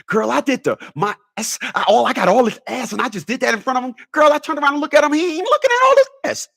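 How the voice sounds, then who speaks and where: Guy doing a sassy gossipy young woman, squeaky high and quick, all worked up. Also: lively intonation, gravelly, pushed and bright, heavily acted. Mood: indignant. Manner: sassy, fast gossip addressed to "girl".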